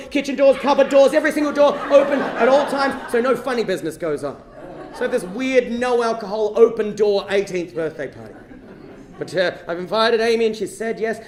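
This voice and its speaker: An Australian man telling a comic true-life story on stage before an audience, animated and self-mocking, dropping to hushed asides. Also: sits high, reverberant. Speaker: stand-up comedian. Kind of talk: storytelling stand-up comedy.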